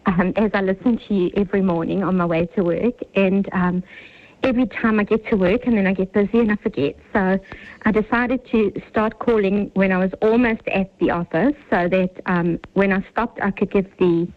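A woman's voice: mid-range voice, fairly even intonation, normal speed. A woman calling in to a radio show, chipper and upbeat, laughing easily as she talks. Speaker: caller. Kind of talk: phone-in chat. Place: car on the way to work. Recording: tinny phone line.

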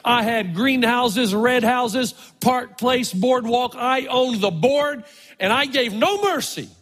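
A man delivers a sermon in a very high, husky voice, stretching words out for emphasis as he tells stories. His voice rings with the long reverb of a large church hall. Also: faint music behind. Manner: animated, drawn-out emphatic delivery. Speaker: preacher. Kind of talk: sermon with storytelling.

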